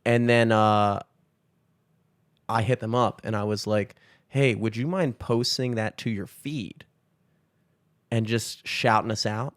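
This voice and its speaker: A man's voice: fairly low pitch, fairly even intonation, slow, pauses often, dry recording, clean studio sound. A young man co-hosting a podcast, chatting casually in a loose, joking, profane way. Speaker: podcast co-host. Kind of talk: casual chat.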